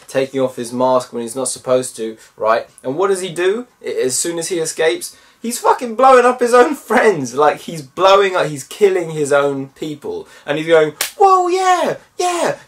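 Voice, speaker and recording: A man giving a casual film review, animated and mimicking voices in bursts. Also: mid-range voice, distant mic.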